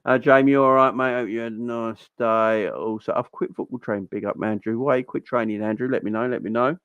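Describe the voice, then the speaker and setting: A young man hosting a casual football fan livestream, chatty and giving shout-outs to viewers. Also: mid-range voice, steady tone, fairly quick, smooth, dry recording, dull audio.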